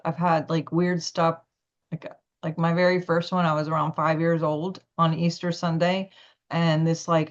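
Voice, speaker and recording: A woman guest telling a personal spiritual story in a rambling way, full of "like" and restarts. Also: deep voice. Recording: muffled lo-fi recording.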